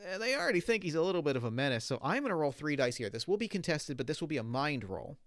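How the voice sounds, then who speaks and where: A man's voice: a little high, very animated, fast, no room sound. Man thinking aloud over dice rolls. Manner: casual, thinking aloud with fillers. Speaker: player. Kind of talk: explaining moves and rolling dice in a tabletop game.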